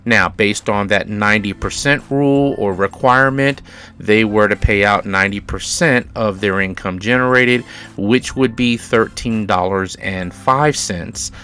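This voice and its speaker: Slow, deliberate low-voiced man. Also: bright, forceful tone, slight background noise. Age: middle-aged. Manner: slow and deliberate, repeats key words for emphasis. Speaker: dividend investing channel host. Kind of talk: casual explainer over spreadsheets.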